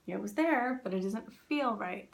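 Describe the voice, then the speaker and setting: A woman from the United States, a spiritual teacher, talking in a casual, chatty way with lots of fillers and animated storytelling. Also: mid-range voice, moderate pace, vocal fry.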